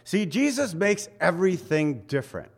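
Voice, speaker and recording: A pastor preaching a conversational sermon, swinging between loud emphatic bursts and quiet asides. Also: male voice, high-pitched, very animated, normal speed, slightly rough.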